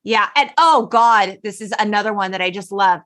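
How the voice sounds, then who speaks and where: A woman in her forties hosting a podcast, recapping a film in animated casual chat, quoting characters and laughing often. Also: medium pitch, moderate pace. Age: 40s. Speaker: podcast host.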